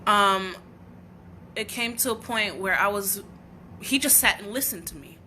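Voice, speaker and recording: A woman from the United States speaks to viewers on a livestream with a bright, sharp tone at a middle pitch. She talks in an earnest, heartfelt way, often stopping to restart her thoughts, and faint ambient noise sits under her voice. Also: a little slow. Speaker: livestream host. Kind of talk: emotional personal livestream talk.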